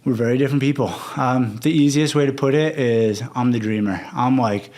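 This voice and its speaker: A young male coach on a podcast speaks a little fast, with a medium-pitched, darkish voice. He's frank and anecdotal in this casual interview, dramatizing quoted conversations.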